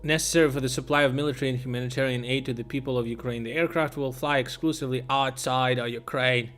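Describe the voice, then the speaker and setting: A man's voice: medium pitch, fairly even intonation, fast talker, fairly bright tone, soft background music. Irreverent man streaming the news. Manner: irreverent, swears, laughs at own jokes. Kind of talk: live news commentary stream.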